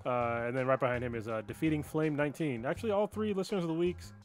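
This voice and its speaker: A man co-hosting a podcast in casual chat, giving easygoing shout-outs to listeners with fillers. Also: a little high, fast, faint music behind.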